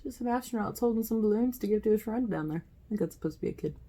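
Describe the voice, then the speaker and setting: A woman's voice: mid-range voice, expressive, very fast, warm tone. A woman, chatting casually to her phone camera while showing cross-stitch projects, often correcting herself. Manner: chatty, self-correcting, talks to herself while handling items. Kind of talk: casual show-and-tell chat.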